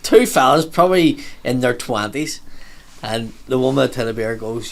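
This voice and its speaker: A man's voice: mid-range voice, fairly quick, vocal fry, slight background noise. A man with a Belfast accent hosting a podcast, talking bluntly, swearing heavily and acting out the people in his stories. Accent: Northern Irish, Belfast. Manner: blunt, heavy swearing, acts out quotes. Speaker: podcast host. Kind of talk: casual storytelling chat.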